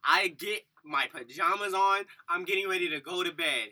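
A man with a high, very bright voice tells a story in an animated way, acting out other people's voices and tripping over his words. He sits a bit back from the microphone, and faint noise runs underneath. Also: normal speed. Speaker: podcast co-host. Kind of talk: casual storytelling chat. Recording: distant mic with faint noise.

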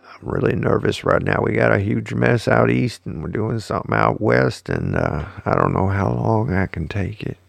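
A man doing a comedic impression of a nervous, rambling elderly male politician, speaking in halting stops and starts. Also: lowish voice, very animated, creaky, dry recording, full character voice. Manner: halting, stop-start delivery. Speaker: podcast co-host.

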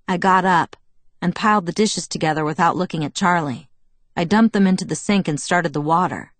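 A woman reading a first-person novel aloud in a measured storytelling manner. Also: fairly low pitch, no room sound. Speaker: audiobook narrator.

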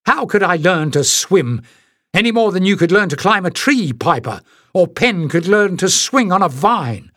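A man's voice: high-pitched, very animated, moderate pace, no echo, studio quality, voice pushed up, full character voice. A man voicing a fiery, defiant young woman who grew up in a forest, reading an audiobook. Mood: angry. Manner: sharp, defiant.

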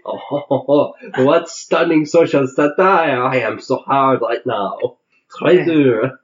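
A smug male French snob chortles and preens in a mock French accent, as a man puts him on. His voice sits a little above a normal speaking pitch and is affected and pompous. The recording is slightly dull and lo-fi. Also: takes it slowly, close to an everyday voice.

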